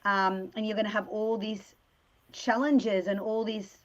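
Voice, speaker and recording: A woman's voice: mid-range voice, flat delivery, measured pace, highs cut off. A middle-aged woman, hosting a casual conversation and affirming her guests enthusiastically. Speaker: podcast host.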